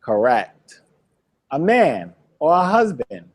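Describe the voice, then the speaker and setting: A male teacher runs a relaxed classroom lesson, repeating each new word several times and quizzing his student with a laugh. His voice rises and falls a great deal, sits a bit high for a man, and moves at an unhurried pace. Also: husky. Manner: repeats words slowly for drilling. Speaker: Hebrew teacher.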